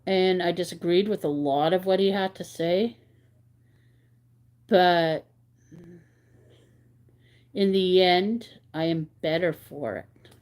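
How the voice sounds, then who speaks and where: A woman's voice: lowish voice, slow pace, long pauses, a little mellow. A woman hosting a crochet livestream, chatting candidly and rambling a little as she reflects and reads out comments from viewers. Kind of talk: casual chat with viewers.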